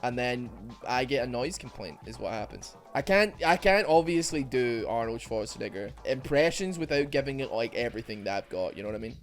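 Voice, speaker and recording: A man giving rambling, self-mocking commentary over a video game, with quick asides. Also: mid-range voice, animated, faint music behind. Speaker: gaming YouTuber. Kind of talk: joking gameplay commentary.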